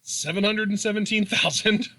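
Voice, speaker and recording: Man co-hosting a podcast, bright tone, a little high, matter-of-fact, dry quips. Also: steady tone, moderate pace. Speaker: podcast co-host. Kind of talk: casual wrestling podcast chat.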